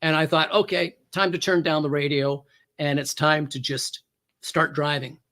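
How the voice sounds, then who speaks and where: A middle-aged man tells a story from his own life. He is animated and acts out the voices of the other people in it. His voice sits a little higher than most men's. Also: moderate pace. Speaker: keynote speaker and author.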